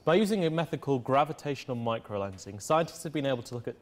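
Young male co-host, steady earnest science news read, mid pitch. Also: very fast, background noise. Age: young adult. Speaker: co-host called Prof. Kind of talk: scripted science news reading.

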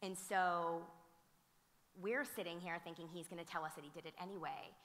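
Female panelist, bright tense voice, animated storyteller, long reverb from the museum auditorium. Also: on the low side, normal speed. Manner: animated, frequent fillers and restarts. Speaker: teacher and theater director speaking on a panel. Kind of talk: conversational storytelling at a conference. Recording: reverberant hall sound.

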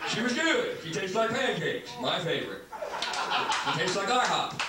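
A man doing a stand-up set on a comedy club stage, manic and profane, jumping between yelps and low mutters. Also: big pitch swings, normal speed. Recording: echoey club taped from far off, noisy.

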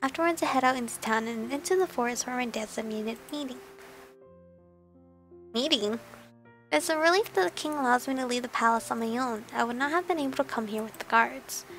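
A woman's voice: on the high side, fairly quick, fairly bright tone, faint music behind. A young woman reading a romance visual novel aloud as let's play narration, breaking off for gushing asides.

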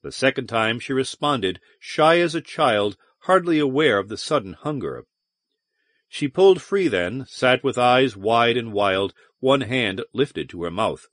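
Man, audiobook narrator, expressive storytelling, animated pitch, middle voice, dry studio sound. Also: measured pace, dry recording. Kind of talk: scripted narration.

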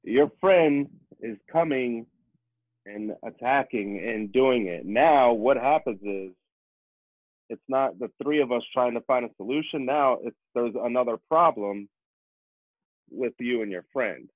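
A man's voice: mid-range voice, a little slow, no room sound. A man who is a personal trainer, a podcast guest talking emphatically in casual conversation and acting out examples in other people's voices. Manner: emphatic, repetitive, acts out examples. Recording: tinny phone-like line, dry.

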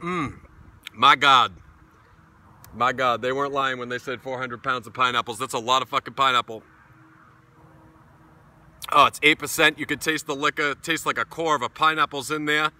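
Sitting outdoors in his backyard, this New England man of middle age reviews a beer with casual bluntness, swearing and sarcasm. His mid-range voice is steady, fairly quick, pushed and bright, carrying a New England accent.

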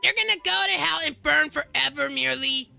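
A very high, fast, gravelly squeak of an angry little girl, put on by a woman in a game role-play. She fires off threats at a furious clip, in a dry, close sound. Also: sharp tone, no echo, heavily acted. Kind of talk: Roblox role-play voice acting.

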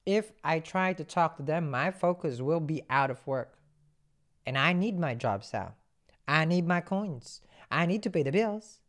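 A woman's voice: sits low, expressive, measured pace. A woman voicing an anxious querent torn between work and love, pleading and a little whiny.

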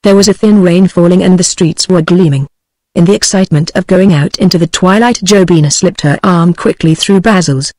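A synthetic British female voice narrating an audiobook in an even, mechanical way. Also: on the low side, normal speed, no room sound. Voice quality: even, mechanical text-to-speech delivery.

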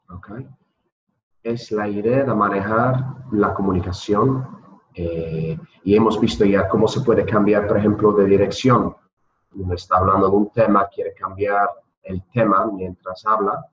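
A man's voice: on the low side, echoey room, highs cut off. A man teaching an exam-prep English lesson, patiently drilling words for students to repeat.

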